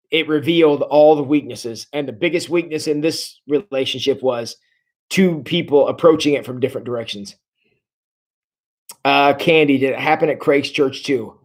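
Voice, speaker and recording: A man talks a church group through a book chapter, in a voice a little higher than most men's. He is earnest and halting, often restarting his sentences and filling pauses with "uh" as he works his way to a point. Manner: earnest, many restarts and fillers. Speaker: church discussion leader.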